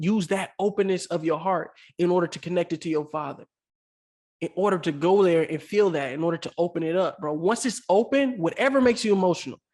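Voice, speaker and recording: A man co-hosting a podcast, talking earnestly and emotionally in casual slang, calling the listener "bro" again and again. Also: fairly high pitch. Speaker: podcast co-host. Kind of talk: heartfelt casual podcast talk.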